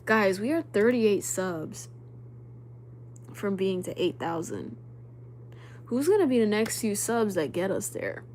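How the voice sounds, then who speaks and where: A woman's voice: medium pitch, slow pace, pauses often, a little hiss or hum. A young woman in her twenties hosting a casual livestream, chatting and reading viewer comments, now and then dropping to a whisper. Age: young adult. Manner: chatty, animated, drops to whispers when spooked. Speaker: livestream host.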